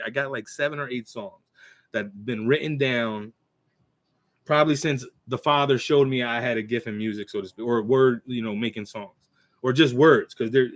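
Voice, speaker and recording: Rambling man in his forties. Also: mid-range voice. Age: 40s. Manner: rambling and loose, with many restarts and throat clearing; recites his own verses in a slow, measured cadence. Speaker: channel host. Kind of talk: casual talk to camera. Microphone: computer mic.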